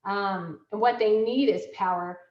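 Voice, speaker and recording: A woman's voice: mid-range voice, a little slow. A middle-aged woman, a school counseling director giving an online workshop to parents. She talks in a conversational way with many fillers and acts out parent-child dialogue. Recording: dull, roomy, distant laptop audio.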